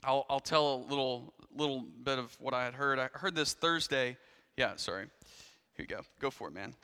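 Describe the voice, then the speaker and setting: A man's voice: mid-range voice, moderate pace, sharp tone, clear, resonant tone, long reverb tail. A man preaching a sermon in a church, telling a story in a conversational way with frequent restarts and asides. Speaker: pastor.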